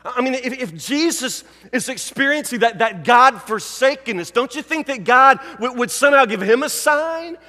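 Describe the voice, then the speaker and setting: A pastor giving a sermon, preaching emphatically and repeating key phrases, dropping from loud to hushed. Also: male voice, very high-pitched, animated, normal speed, few pauses, in a large hall.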